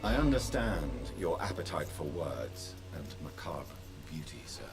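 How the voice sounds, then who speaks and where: An actor playing a measured, courteous gentleman doctor in a video game, speaking formally. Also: very deep voice, big pitch swings, exaggerated voice. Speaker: game character. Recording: game audio with music behind.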